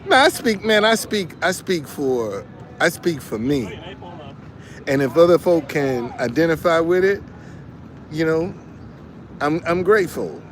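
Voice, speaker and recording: A man's voice: a little high, lively intonation, measured pace, pauses often. A man giving casual, preachy motivational talk, repeating phrases and restarting often, and answering viewers as he goes. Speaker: online commentator.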